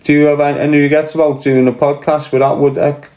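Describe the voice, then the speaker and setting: A man's voice: fairly high pitch, level tone, quick pace, few pauses, mellow, echoey room. A man with a Scouse accent from Liverpool, ranting bluntly and answering viewers on a casual livestream. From Liverpool, England. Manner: blunt, combative, swearing, reading and answering chat. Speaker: livestream host.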